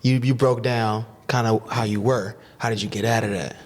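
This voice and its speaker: A man's voice: fairly low pitch, fairly even intonation, moderate pace. Man, podcast host, brief affirmations, short questions. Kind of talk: casual podcast interview.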